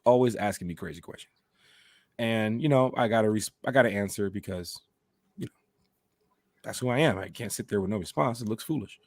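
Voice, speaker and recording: A man's voice: fairly low pitch, fairly quick, pauses often, darkish tone, no echo. A man hosting a casual sports podcast, boisterous and profane, telling dad jokes to his co-hosts. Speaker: podcast host.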